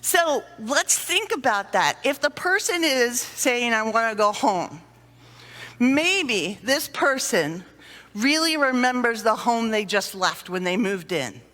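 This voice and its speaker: A middle-aged woman speaking to a conference audience, telling lively stories and acting out sighs and little scenes. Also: fairly high pitch, slow pace. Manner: animated storyteller, acts out sighs and little scenes. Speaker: conference speaker on dementia care. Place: conference hall. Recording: long reverb of a hall.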